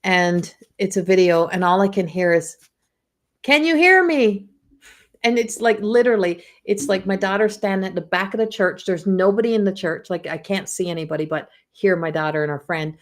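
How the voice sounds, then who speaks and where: Woman, fifties, psychic medium, live stream talk, gentle, encouraging, chatty anecdotes. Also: lowish voice, steady tone, a little fast, few pauses. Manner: gentle, encouraging, laughs often; tells family anecdotes with mimicked voices.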